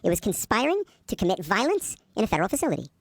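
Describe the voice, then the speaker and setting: A man telling a casual, profane anecdote as an interview guest, in an animated storytelling manner. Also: high voice, rapid-fire, creaky, dry recording, studio quality.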